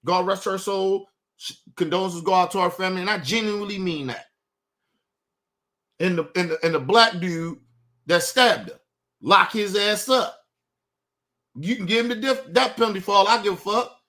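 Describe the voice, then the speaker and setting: A male show host giving a heated, profane commentary rant, swinging from low muttering to shouting. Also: normal speed, pauses often.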